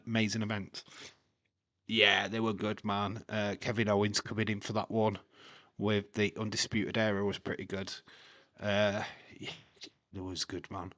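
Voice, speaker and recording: Stream host, male, slow unhurried delivery, giggly rambling banter, dry close mic. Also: on the low side, fairly bright tone, no echo. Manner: laughs often, rambling with fillers and jokey tangents. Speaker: live stream watch-along host. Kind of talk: casual chat to live chat viewers.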